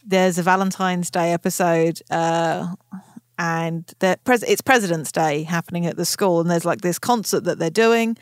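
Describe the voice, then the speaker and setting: A woman's voice: lowish voice, fairly even intonation, moderate pace, smooth, no echo. Gushing woman podcast co-host, dry sound. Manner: enthusiastic, gushing, quotes lines aloud. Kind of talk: casual chat.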